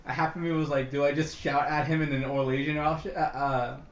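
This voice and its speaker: A man's voice: a little high, steady tone, brisk, reverberant, highs cut off, slight background noise. A young man playing in a tabletop game, jokey and laughing often in casual banter. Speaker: player.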